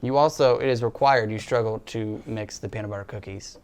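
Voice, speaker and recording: A young man co-hosting a casual student cooking show, making joking, deadpan asides. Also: fairly low pitch, a little fast, background noise. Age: young adult.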